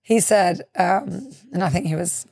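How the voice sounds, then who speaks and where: A woman hosting an interview podcast, with a fairly low voice. She asks reflective questions, often pauses on fillers, and murmurs agreement while her guest talks. The recording is dry and close. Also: lively intonation, vocal fry, darkish tone, breathy edge, no room sound. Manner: thoughtful, many fillers, backchannels often. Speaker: podcast host. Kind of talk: conversational interview.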